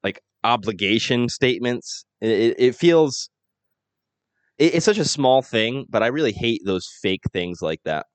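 A man's voice: mid-range voice, expressive, unhurried, no echo. A man in casual podcast chat who often restarts and repeats words as he thinks.

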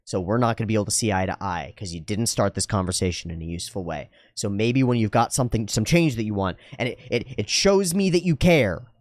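A man's voice: fairly low pitch, lively intonation, fast, hardly any pauses, dry recording. Earnest, rambling man, close and dry. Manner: earnest, rambling, self-correcting. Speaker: channel host. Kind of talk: casual reflective monologue.

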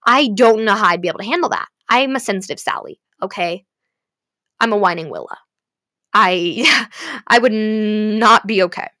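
Young woman vlogger, bright voice, rambling, swears a lot, dry close sound. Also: medium pitch, lively intonation, moderate pace, no echo. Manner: rambling, swears freely, self-deprecating. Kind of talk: candid personal vlog.

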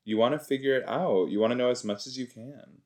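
A man's voice: mid-range voice, quick pace. A man hosting a rewatch podcast, giving rambling, jokey reaction commentary that often trails off.

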